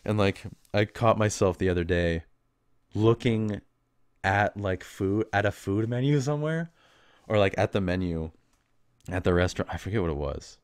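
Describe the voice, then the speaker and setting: A man's voice: low voice, moderate pace, darkish tone, no echo, clean studio sound. A young man hosting a solo podcast, ranting in a casual, exasperated and mocking way about customers at his coffee shop job. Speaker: podcast host.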